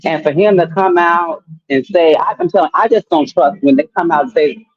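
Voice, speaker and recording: Husky guy hosting a live stream, blunt and skeptical, kinda higher voice, dry muffled sound. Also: moderate pace, no room sound. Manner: blunt, skeptical, laughing asides. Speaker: host. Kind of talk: casual commentary on a live stream.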